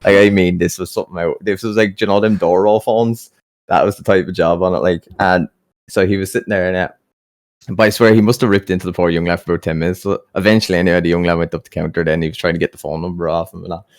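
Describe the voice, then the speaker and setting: Deep-voiced Irish man telling a sweary story. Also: fast talker. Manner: animated, sweary anecdote-telling with acted-out quotes. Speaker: podcast guest. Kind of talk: casual podcast chat, storytelling.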